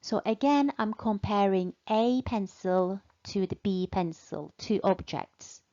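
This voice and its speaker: A woman teaching English in a slow, deliberate way, patiently repeating and stretching out key words for learners. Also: mid-range voice, mellow, lo-fi sound. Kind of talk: slow, deliberate language lesson.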